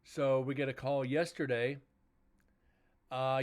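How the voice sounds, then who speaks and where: A man's voice: mid-range voice, measured pace, long pauses. A tired man hosting a livestream, chatting casually to viewers and retelling a work dispute with filler words and swearing. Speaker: livestream host. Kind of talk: casual chat to stream viewers.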